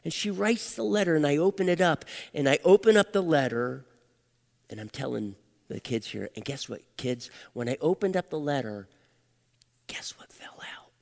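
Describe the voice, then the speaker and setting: An older man preaching a sermon and telling a personal story, swinging from hushed whispers to loud, emotional outbursts. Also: on the high side, moderate pace, gravelly. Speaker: pastor. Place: church. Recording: long hall reverb.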